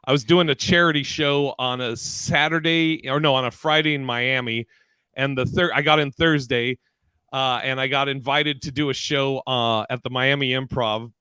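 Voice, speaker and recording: A man hosting a casual video-call chat among comedians, telling animated stories and acting out the voices in them. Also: mid-range voice, moderate pace, clean tone, no room sound. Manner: animated storyteller, acts out voices in anecdotes. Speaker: podcast host.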